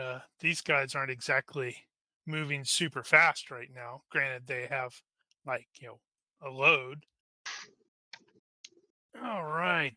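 A man's voice: on the high side, sharp tone, no echo. A man running a tabletop game as game master, thinking aloud with wry asides.

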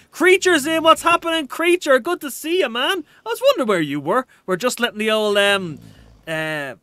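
A high-voiced Irish man chatting through a live game stream, reading viewer comments aloud. His tone is bright and forceful, and he rambles with quick restarts. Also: dry recording.

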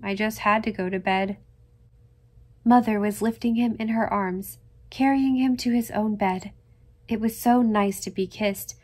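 A woman reading a classic novel aloud as narrator, gentle and measured. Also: medium pitch. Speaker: audiobook reader. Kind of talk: scripted narration.

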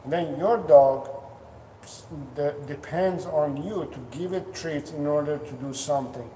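A man speaking slowly with a fairly high but mellow voice. He coaches earnestly, often restarting his sentences and filling pauses. The sound is roomy and reverberant, picked up from a distance. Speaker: dog trainer. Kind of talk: instructional talk to camera. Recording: echoey room, distant mic, faint noise.

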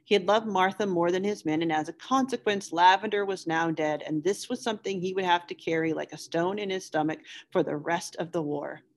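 A woman teacher reading a novel aloud to students in a measured, steady way. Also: lowish voice. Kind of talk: read-aloud novel narration.

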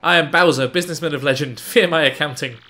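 A man voicing a loud, bossy male koopa king who blusters and boasts. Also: fairly high pitch, fast talker, faint music behind. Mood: gloating.

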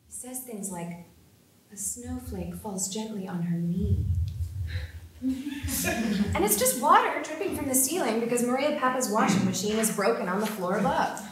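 A woman's voice: a little high, animated, normal speed, slight background noise, natural voice. An actress playing a young woman who tells her family's story, mimicking the neighbors with amused emphasis, recorded from afar in a roomy theater. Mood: lively. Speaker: actor in a staged play reading. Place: theater stage. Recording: roomy hall sound, mic far off.

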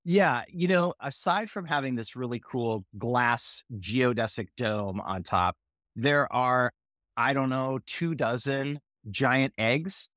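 A man's voice: mid-range voice, takes it slowly, a bit bright, no echo. A man co-hosting a math podcast, doing scripted comedy banter, playful and easily exasperated. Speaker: podcast co-host.

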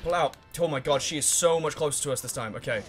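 A man commentating his own gameplay in a let's play, excitable and swearing freely, humming to himself while he thinks and shouting at the game characters. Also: fairly high pitch, quick pace, faint music behind.

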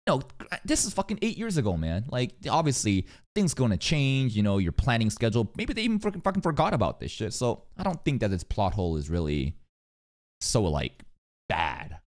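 A man reacting to a video with casual commentary, animated and profane, rambling with many fillers. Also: mid-range voice, brisk. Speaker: reaction streamer.

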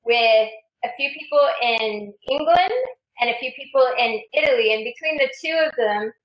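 A woman's voice: fairly high pitch, moderate pace, reverberant, muffled recording. A woman author being interviewed remotely, explaining her work at length in an earnest way.

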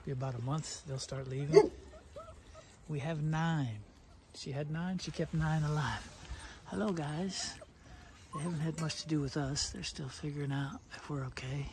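A man breeding dogs, chatting casually as he films himself, loudly calling his dogs in an outdoor kennel yard. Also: fairly high pitch, fairly even intonation, normal speed. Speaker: dog breeder. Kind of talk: casual vlog narration. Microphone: handheld camera filming alone. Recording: noisy outdoor camera audio.

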